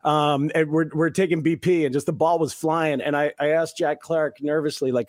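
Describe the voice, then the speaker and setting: A man's voice: fairly high pitch, steady tone, brisk, hardly any pauses, a little mellow, no room sound, clean studio sound. A man hosting a casual chat, earnest, acting out the people he quotes as he tells stories. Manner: earnest, acts out quotes with shifts in voice.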